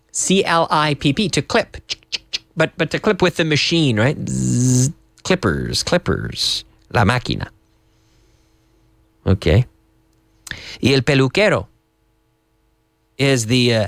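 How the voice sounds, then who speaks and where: A man's voice: a little high, a bit bright, no room sound, clean studio sound. A man from Canada teaching English vocabulary on a TV lesson, spelling words out and switching into Spanish.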